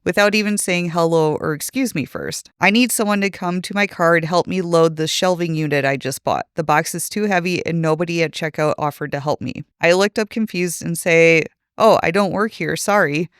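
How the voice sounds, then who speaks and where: A man co-hosting a podcast, reading a forum story aloud in a steady storytelling way. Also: a little high, smooth, no room sound, studio quality. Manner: steady storytelling read with quoted dialogue. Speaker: podcast co-host.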